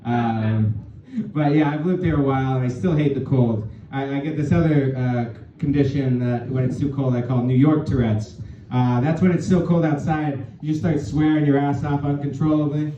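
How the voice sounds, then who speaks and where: A man's voice: mid-range voice, fairly even intonation, normal speed, warm tone, slight background noise. A man from California doing a rambling, self-deprecating stand-up set full of fillers. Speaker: stand-up comedian. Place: small comedy club. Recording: roomy, distant, dull club recording. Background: audience laughter.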